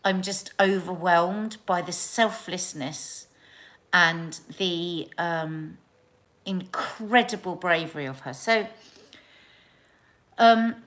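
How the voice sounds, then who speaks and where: A woman's voice: on the low side, takes it slowly, long pauses, fairly bright tone. Emotional English woman hosting a live chat. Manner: earnest, emotional, restarts often. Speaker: live show host.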